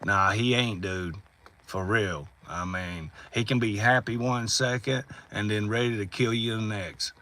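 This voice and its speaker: A man's voice: lowish voice, fairly even intonation, measured pace, pushed and bright, slight background noise. A man on a livestream, telling rambling stories in a profane, drawling way. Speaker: livestream host. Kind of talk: casual storytelling on a livestream.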